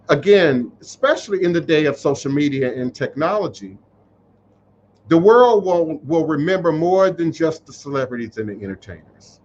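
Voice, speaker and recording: A man's voice: on the high side, a little hiss or hum. A man hosting a spiritual live stream, talking emotionally to viewers, reading their comments and repeating phrases for emphasis in a preachy way. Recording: muffled livestream audio.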